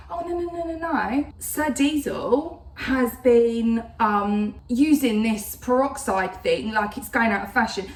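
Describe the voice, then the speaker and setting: A woman's voice: fairly high pitch, takes it slowly, hardly any pauses. A woman in her thirties chatting casually to camera in a rambling way, full of fillers. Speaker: vlogger. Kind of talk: casual chat. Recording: roomy sound, voice a bit distant.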